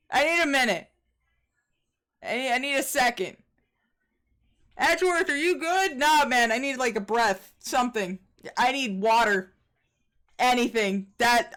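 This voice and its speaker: A young adult woman streaming a video game, reacting excitably and swearing freely in casual commentary into a desk mic. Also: on the high side.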